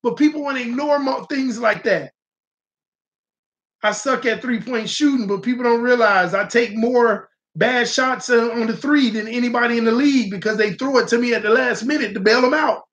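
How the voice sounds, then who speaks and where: A man's voice: very high voice, normal speed, fairly bright tone. A man hosting a casual live-stream sports talk show, talking animatedly and straight to his viewers. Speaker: sports channel host.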